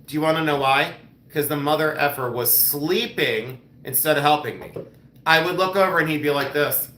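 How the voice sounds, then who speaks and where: Man, live-sale host, bright voice, animated joking chat, echoey room, faint hiss. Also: fairly high pitch, normal speed. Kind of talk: casual live-stream chat.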